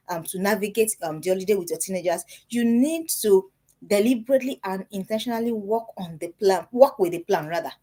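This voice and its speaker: A middle-aged woman giving parenting advice to parents, animated and repeating herself for emphasis. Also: mid-range voice, husky. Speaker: parenting speaker.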